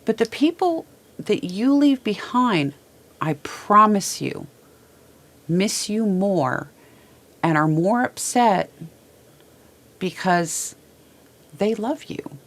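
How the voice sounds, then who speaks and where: A woman host speaking to viewers from a small studio in a halting, emotional way, repeating words as she holds back tears. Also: medium pitch, big pitch swings. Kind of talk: heartfelt personal talk to viewers.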